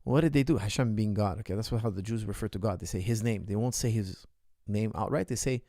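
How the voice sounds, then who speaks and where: A man's voice: lowish voice, fast, warm tone, no room sound, studio quality. A man hosting a show as a coach, giving casual reaction commentary in short, repeated bursts. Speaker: martial arts coach and show host.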